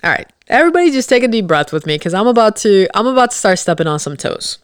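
A woman's voice: medium pitch, sing-song, fast talker, smooth, no room sound, clean studio sound. A woman hosting a podcast, giving candid, blunt advice to her listeners in an emphatic, confiding way. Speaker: podcast host.

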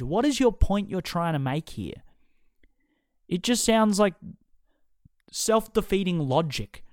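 A young podcast host rants heatedly, swearing constantly while picking apart someone's opinions in a casual podcast rant. His voice is a little high and expressive at a moderate pace, with studio-quality sound and no echo.

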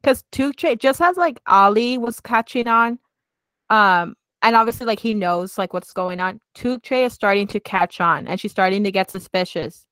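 A woman's voice: mid-range voice, normal speed, fairly bright tone, clean tone, dry recording. A woman co-hosting a podcast, chatting casually and giggling as she recaps a series, with lots of "like". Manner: chatty, giggly, heavy use of "like". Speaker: podcast co-host.

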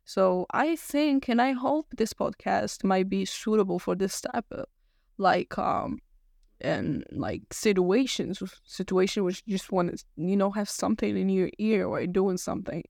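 A woman's voice: mid-range voice, unhurried, gravelly, darkish tone, no echo, studio quality. A young woman hosting her own podcast, chatting casually in a rambling way with many fillers and restarts. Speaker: podcast host. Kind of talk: casual solo podcast chat.

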